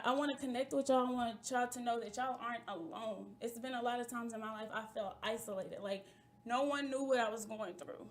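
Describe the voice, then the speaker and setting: A woman hosting a talk show in a chatty, playful manner, talking straight to her listeners. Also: on the high side. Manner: chatty and playful, calls listeners "y'all" and "baby". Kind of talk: casual chat.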